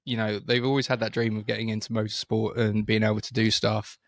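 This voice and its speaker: With a lowish voice, flat delivery, and quick pace, this British man co-hosts a relaxed podcast, telling a lengthy story peppered with fillers and false starts. The studio microphone gives clean sound with no echo.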